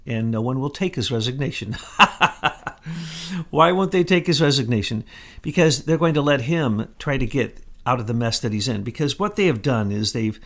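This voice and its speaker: A gravelly-voiced man co-hosts a political talk show, making sweeping claims with total confidence. His pitch sits mid-range, with plenty of vocal fry. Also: fairly bright tone. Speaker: co-host.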